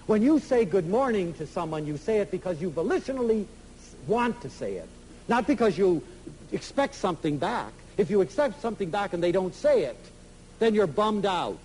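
A man giving an inspirational public lecture, emphatic and animated, acting out little dialogues as he speaks. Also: high voice, moderate pace, slight background noise, rough recording. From United States.

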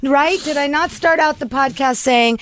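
A woman's voice: high-pitched, normal speed, slight background noise. A woman hosting a podcast in casual chat, gushing and enthusiastic. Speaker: podcast host.

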